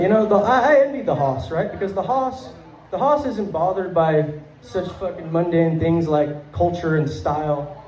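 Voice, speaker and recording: A man's voice: on the high side, darkish tone. A young man performing a stand-up comedy set on a club stage into a handheld mic, rambling and profane, full of fillers, laughing through his lines. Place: comedy club stage before a live audience. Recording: roomy, dull club recording.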